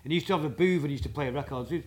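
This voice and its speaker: A man, a guest drummer telling rambling, halting anecdotes in a casual interview. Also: fairly high pitch. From England.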